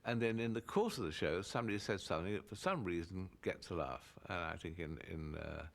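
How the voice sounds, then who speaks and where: A man speaks about writing comedy in a thoughtful, measured way. His voice is notably low. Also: animated, gravelly. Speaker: comedy writer interviewed. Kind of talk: reflective interview.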